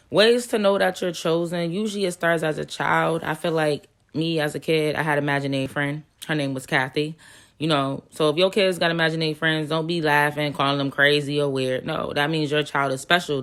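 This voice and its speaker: Bright-voiced woman telling earnest stories. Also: low voice. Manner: rambling, earnest storytelling with restarts and emotional swells. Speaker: spiritual vlogger. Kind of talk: casual personal testimony to camera.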